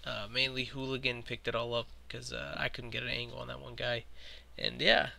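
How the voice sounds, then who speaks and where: A man hosting a gameplay video, narrating casually and making quick, swearing callouts to his team. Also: medium pitch, level tone, vocal fry, bright, forceful tone. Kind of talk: gameplay commentary and team voice chat.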